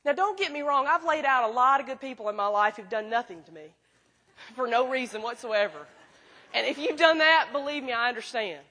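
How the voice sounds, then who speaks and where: A middle-aged woman preaches in a high, bright voice. She is folksy and animated, carrying the audience through stories as she makes her point. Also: fairly quick. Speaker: speaker at a school chapel. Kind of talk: sermon with storytelling.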